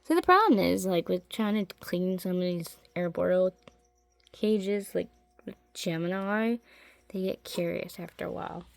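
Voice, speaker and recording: A woman with a gravelly, fry-laden voice talks at an unhurried pace in a casual home vlog from her basement. She rambles, often leaves sentences unfinished and coos at her pets as she goes. Her delivery is relaxed and conversational. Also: on the low side, dry recording. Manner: chatty and rambling, trails off mid-sentence and coos at her animals. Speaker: pet keeper showing her tarantulas and fish.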